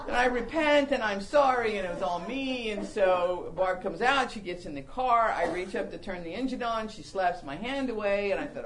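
An older woman teaching from the Bible with a mid-range voice, full of animated, self-mocking stories. Her delivery rises and falls as she leans into the humor. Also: mid-range voice, moderate pace, hardly any pauses, poor audio.

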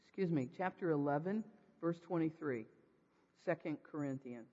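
A high-pitched man preaching in a church sanctuary, jokey and animated, tossing rhetorical questions at his congregation. His voice trails into a long reverb, and the recording sounds dull and lo-fi. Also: measured pace. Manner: animated, raises his voice for emphasis. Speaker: pastor. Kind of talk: sermon.

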